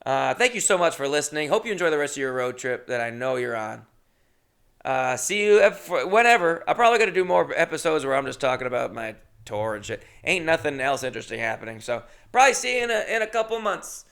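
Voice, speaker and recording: Gravelly, rambling male podcast comedian. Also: fairly high pitch, big pitch swings, fast talker, a bit bright. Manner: rambling, profane, self-deprecating. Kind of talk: rambling solo podcast storytelling.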